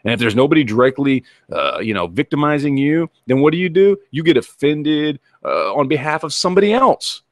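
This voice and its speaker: A man's voice: on the high side, expressive, brisk, hardly any pauses, no room sound, studio quality. A man hosting his own channel, delivering a heated, profane rant to camera and repeating himself as he goes. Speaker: channel host.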